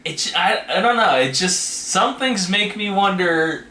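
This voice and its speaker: A man's voice: sits high, lively intonation, unhurried, sharp tone. A man hosting a casual trailer reaction, rambling and hedging as he talks. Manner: rambling, hedging with "you know what I mean". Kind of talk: casual chat. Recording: echoey room with faint noise.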